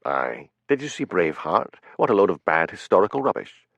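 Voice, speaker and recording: Man voicing hotel manager, chatty, scornful, lively low voice. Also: brisk, vocal fry, dry recording, highs cut off, exaggerated voice.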